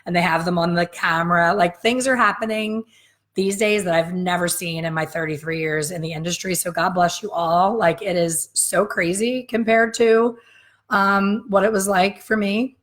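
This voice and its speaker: A woman's voice: on the low side, steady tone, moderate pace. A woman in her fifties, a hair color educator giving a frank, emphatic live coffee-chat lesson straight to her viewers.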